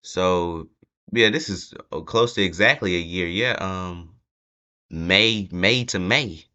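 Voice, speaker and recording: Rambling young man, bright lo-fi sound. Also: sits low, takes it slowly. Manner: rambling, hesitant, many fillers. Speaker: wrestling channel host. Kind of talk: casual prediction chat. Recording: dull lo-fi home recording.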